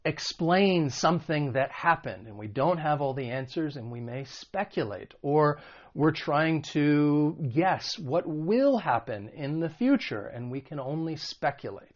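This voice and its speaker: A man with a slightly raised voice teaches English vocabulary in an online video lesson. He explains each word patiently with examples. The recording is a touch muffled and dull. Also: on the high side.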